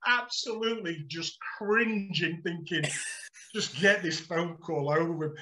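A middle-aged man, a guest on a podcast, telling animated anecdotes and acting out the dialogue with frequent laughter. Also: high-pitched, a little slow, slight background noise. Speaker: guest, former footballer. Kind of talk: casual podcast storytelling.

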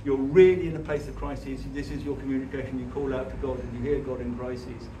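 A man giving a conversational church talk, telling personal stories in an earnest, halting way with frequent restarts. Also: mid-range voice, steady tone. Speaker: church speaker. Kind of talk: conversational sermon with personal storytelling. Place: church hall. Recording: echoey hall, distant mic, faint hiss.

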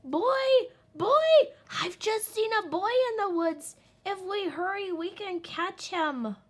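A woman voicing a picky young male wolf cub who whines and complains about his dinner in a high, strained voice. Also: animated, unhurried. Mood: excited shouting.

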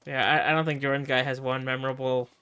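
A man's voice: medium pitch, flat delivery, quick pace, pushed and bright, smooth. A man hosting a casual gaming chat with friends, teasing and laughing often. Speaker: streamer and host.

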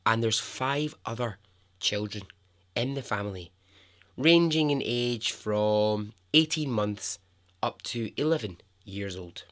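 Unhurried Scottish man telling stories. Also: medium pitch, expressive, a bit bright. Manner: playful, chatty, laughs often. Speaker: podcast host. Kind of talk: casual storytelling.

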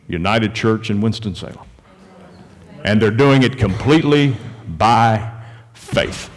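Preaching man in a reverberant church. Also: mid-range voice. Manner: preaching with big swings from hushed to shouted. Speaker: pastor. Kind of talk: sermon. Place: church sanctuary during worship service. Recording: long reverb of a church hall.

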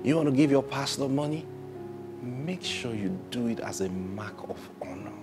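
A male pastor preaching a sermon, swinging between loud emphatic bursts and soft near-whispers. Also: medium pitch, expressive, moderate pace, music in the background.

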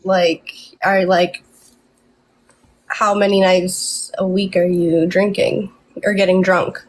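A woman's voice: on the low side, level tone, slow pace, rough recording. A woman in her late twenties on a speed date, asking polite, curious questions. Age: 20s. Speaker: speed dating partner. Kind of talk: casual chat.

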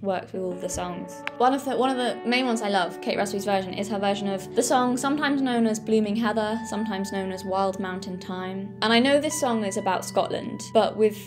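A woman's voice: mid-range voice, fairly quick, hardly any pauses. A woman with a Yorkshire accent, talking casually and enthusiastically about songs she loves, often correcting herself mid-sentence. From Yorkshire, England. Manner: enthusiastic, rambling with self-corrections. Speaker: presenter. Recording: music playing underneath.

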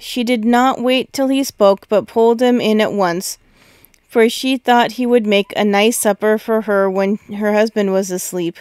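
Female storybook narrator, measured and steady, slightly high voice, smooth and clear. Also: no echo, studio quality.

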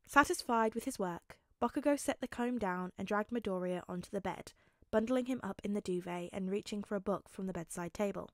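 A woman narrating a fanfic audiobook in a calm, even storytelling manner. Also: mid-range voice, a little fast, no echo, studio quality.

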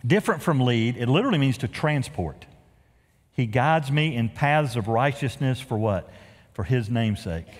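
A middle-aged man preaching a sermon as pastor, folksy and joking, swinging from loud emphasis to hushed, quiet lows. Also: animated, normal speed. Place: large church sanctuary. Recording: reverberant church hall.

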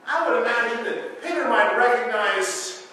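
A pastor preaching a sermon, animated and repeating himself, with joking asides to his congregation. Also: extremely high pitch, moderate pace, slight background noise. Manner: animated, self-interrupting with humorous asides. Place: church sanctuary. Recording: echoey hall, mic from far off.

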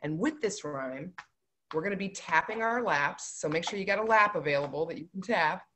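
A woman's voice: lowish voice, lively intonation, brisk, bright, forceful tone, a little hiss or hum. A woman leading a children's library storytime, playful and bouncy, chanting rhymes with kids.

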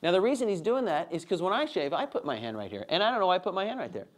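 A man in his thirties giving a humorous teaching talk, telling animated, self-mocking stories about his kids. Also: high voice, rapid-fire. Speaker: speaker.

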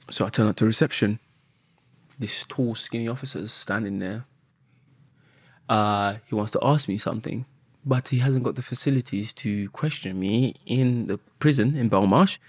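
A man, a podcast guest telling a story in an animated way and swearing often. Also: on the low side, husky, dry recording.

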